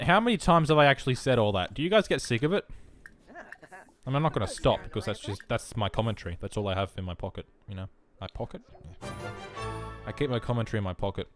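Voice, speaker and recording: A man's voice: mid-range voice, fairly bright tone. A man giving rambling, self-mocking let's play commentary alone in his room, full of jokey asides. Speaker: gaming commentator.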